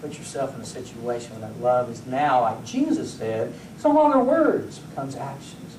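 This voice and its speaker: At a normal speed and in a mid-range voice, a male pastor preaches in a church sanctuary, acting out scenes in his stories and talking directly to the congregation. Slight hiss or hum colors an echoey recording, with the voice distant.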